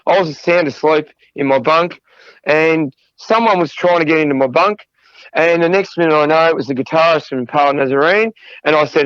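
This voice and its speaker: A middle-aged man recounts wild tour stories, swearing freely and laughing, his voice sitting a little higher than most men's. The sound is dry and close, with a dull, muffled lo-fi edge. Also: fairly quick, fairly bright tone, clear, resonant tone, dry recording. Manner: profane, laughing anecdotes. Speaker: podcast guest, drummer. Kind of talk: casual storytelling interview.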